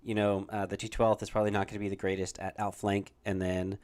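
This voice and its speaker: A man's voice: fairly low pitch, flat delivery, fast, darkish tone. A man hosting a casual livestream chat, easygoing and rambling. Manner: easygoing, rambling with many fillers and restarts. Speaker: host.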